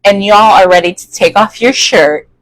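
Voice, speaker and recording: A woman's voice: mid-range voice, normal speed, dry recording, rough recording. A woman giving a chatty, folksy tarot reading to her viewers, often checking in with "okay?". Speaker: tarot reader.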